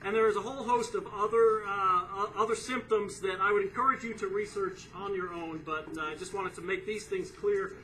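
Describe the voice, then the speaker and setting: A man opening a charity pun contest at a comedy club, explaining earnestly with many filler pauses. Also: high voice, fairly even intonation, pushed and bright. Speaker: comedian and resident punster. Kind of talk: stand-up style introduction to a charity pun contest. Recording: distant room recording, faint noise.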